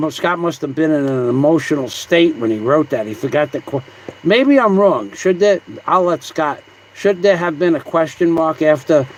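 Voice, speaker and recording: A man's voice: medium pitch, a little hiss or hum, rough recording. A man hosting a casual livestream, rambling and combative as he reads viewer comments aloud. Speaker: livestream host.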